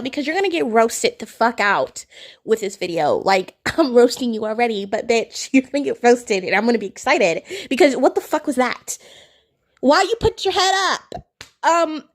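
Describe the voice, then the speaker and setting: A woman hosting a reaction video, commenting in a profane, exasperated and mocking way. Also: fairly high pitch.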